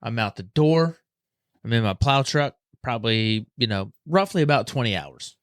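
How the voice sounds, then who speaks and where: A man's voice: mid-range voice, expressive, moderate pace, dry recording, clean studio sound. Laid-back man telling a story. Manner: laid-back, rambling, repeats himself. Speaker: podcast host. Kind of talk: casual storytelling chat.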